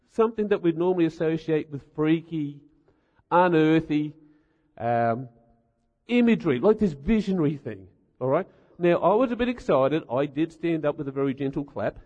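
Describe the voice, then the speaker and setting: A man's voice: fairly high pitch, a little mellow. A middle-aged man giving a humorous sermon, telling stories with wry rhetorical asides. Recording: dull sound in a reverberant hall.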